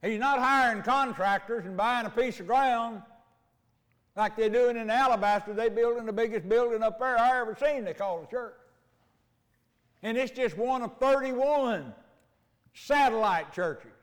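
An older man delivers a homespun sermon, slowing down to stress his points. His voice sits high for a man, and it rings with the long reverb of a church hall, picked up on a mic. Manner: homespun storytelling, slows for emphasis. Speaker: preacher. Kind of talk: folksy sermon. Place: church sanctuary.

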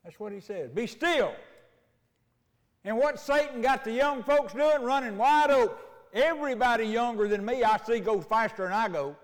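Older man, high-pitched voice, folksy preacher, long church-hall reverb. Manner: homespun storytelling, slows for emphasis. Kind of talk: folksy sermon. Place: church sanctuary. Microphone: mic.

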